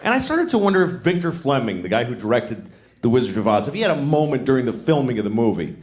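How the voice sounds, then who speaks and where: A middle-aged man doing a stand-up comedy set in a large venue, talking in an animated way and acting out voices. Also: quick pace. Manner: animated, acts out voices with big jumps in pitch. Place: large venue with a live audience. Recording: roomy live hall with crowd noise. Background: audience laughter.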